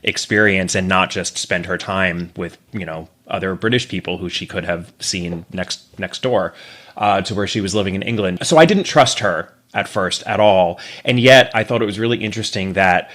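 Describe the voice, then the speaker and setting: A man's voice: sits low, normal speed. A man talking animatedly as a podcast guest in a casual book discussion. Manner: animated, acts out quoted characters.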